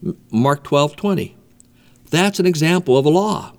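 A man delivers a sermon in an emphatic manner, stressing and repeating his key points. His voice sits somewhat high for a man. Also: lively intonation, moderate pace, darkish tone. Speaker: preacher.

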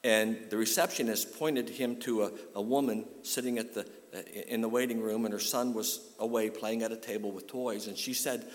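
A man's voice: lowish voice, steady tone, moderate pace, few pauses. A male pastor delivering a sermon, telling a story and then rising to a fervent call-and-response with his congregation. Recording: long hall reverb.

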